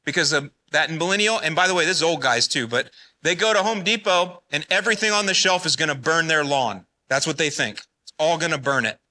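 A man's voice: a little high, brisk, sharp tone. A man giving a live talk at a business conference, speaking in a blunt, folksy and fired-up way. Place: conference hall.

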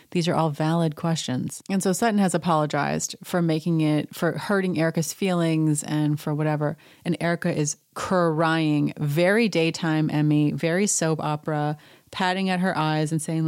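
A woman's voice: low-pitched, normal speed, darkish tone, dry recording, clean studio sound. A woman recapping a reality show at home, indignant and sarcastic, mocking the cast in put-on voices. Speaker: podcast recap host. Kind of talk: casual chat.

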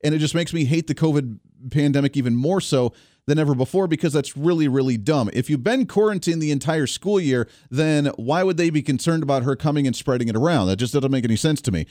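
A man in his thirties hosting a talk show, telling a family story and giving opinions in an animated, indignant way. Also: a little high, quick pace, no room sound, clean studio sound. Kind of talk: opinionated monologue.

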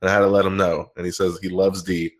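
A man's voice: deep voice, little pitch movement, fast. A man co-hosting a podcast, giving a breezy rundown in casual chat. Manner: breezy, rundown-style listing. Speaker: podcast co-host.

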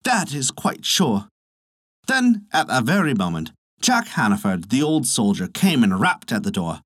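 A man narrating a folktale in a measured, expressive storytelling manner. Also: on the low side, dry recording, clean studio sound.

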